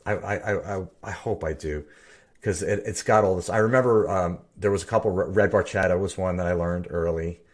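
A middle-aged man, a bassist and podcast co-host, chatting casually and telling rambling stories with many restarts. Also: fairly quick. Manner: rambling, self-interrupting storyteller. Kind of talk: casual chat.

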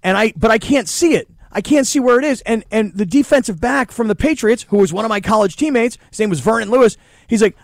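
A middle-aged man, a former kicker, telling stories on a sports radio show in a casual, animated way, acting out other people's voices. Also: sits high, a little fast, gravelly, no echo, studio quality. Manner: animated storyteller, acts out voices.

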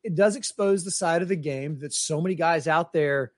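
A man's voice: a little high, normal speed, no echo, clean studio sound. A man co-hosting a casual golf podcast, rambling through stories and acting out what people said. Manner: rambling storyteller, acts out quotes. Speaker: podcast co-host.

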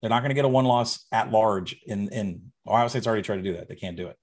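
A man's voice: lowish voice, fast talker. A man from Arkansas, a betting guest on a podcast, giving confident, emphatic predictions in casual chat. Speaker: college football betting guest.

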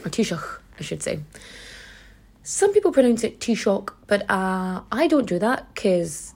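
A woman's voice: mid-range voice, big pitch swings, a little slow, a little mellow. A woman with a Donegal Irish accent hosting a podcast, telling history in a chatty, sweary, irreverent way. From Donegal, Ireland. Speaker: podcast host. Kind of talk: casual storytelling podcast.

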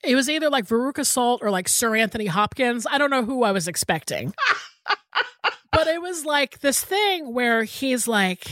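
A woman's voice: a little high, lively intonation, moderate pace, a bit bright, no room sound. Chatty woman podcast co-host, dry mic. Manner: chatty, swearing, storytelling with lots of "like". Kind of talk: casual chat.

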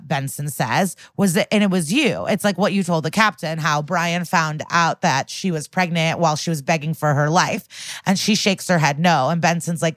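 Here a woman speaks in a low register with no room sound at all. As co-host of a podcast, she's recapping a crime episode from TV, animatedly voicing the characters' lines with plenty of fillers along the way.

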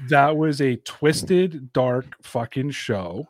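A man telling stories as a podcast guest in casual chat, animated, swearing often and laughing a lot. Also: medium pitch, slow pace, dry recording.

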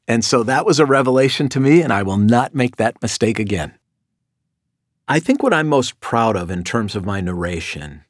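A middle-aged man speaks in a low, even register with careful, deliberate phrasing, weighing each word. He is a rabbi and author giving reflective commentary. The sound is close and dry, with no room around it. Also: no echo.

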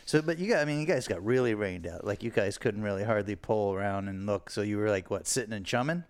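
Smooth-voiced man chiming in casually. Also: on the low side, animated, fast. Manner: easygoing, chiming in, teasing. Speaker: podcast co-host. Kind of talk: casual chat.

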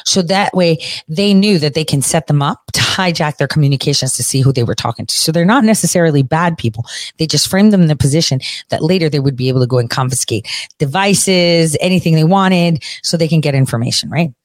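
A woman's voice: low-pitched, expressive, fairly quick, no echo. A woman giving casual, rambling political commentary in a blunt, indignant and profane way.

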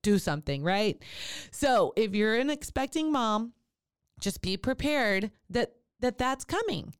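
A woman who educates about childbirth and writes about it, talking on a podcast in a lively way, addressing listeners directly and acting out laboring moms. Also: a little high, slow pace, clear, resonant tone, no echo, clean studio sound. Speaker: birth educator and author. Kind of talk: podcast talk.

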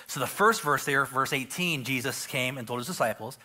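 A middle-aged male pastor preaching a casual sermon, joking and filling pauses with restarts. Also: medium pitch, sharp tone. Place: church stage.

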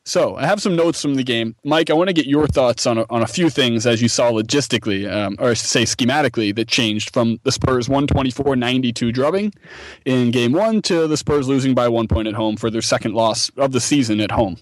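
A man's voice: mid-range voice, brisk, dry recording. A man hosting a casual sports podcast who teases his co-hosts and steers the conversation. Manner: playful, teasing, steers the talk. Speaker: podcast host.

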